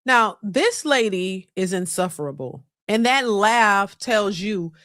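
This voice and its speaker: A woman's voice: mid-range voice, expressive, slow pace, fairly bright tone, no echo. Emphatic woman reaction host, dry sound. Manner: emphatic, repetitive, rhetorical questions. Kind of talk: opinionated commentary.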